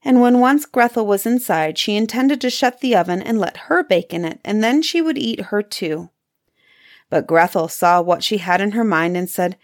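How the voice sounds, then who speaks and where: A woman reads a fairy tale aloud in an expressive storytelling voice. She pauses for drama and lets her tone dip at dark moments. Her pitch sits in a medium range.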